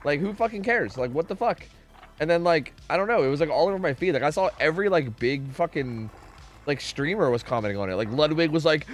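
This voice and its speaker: Animated, swearing male streamer. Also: fairly high pitch, fairly quick. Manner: animated, profane, ranting. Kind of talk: casual chat.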